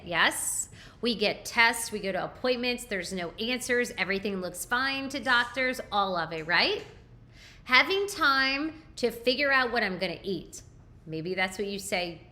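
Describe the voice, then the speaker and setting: A woman leads a live online training as a nutrition coach, speaking emphatically and checking in with her audience often. Her voice is bright and forceful, pitched a little high. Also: very animated, a little slow. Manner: emphatic, asks rhetorical questions and tags lines with "okay?".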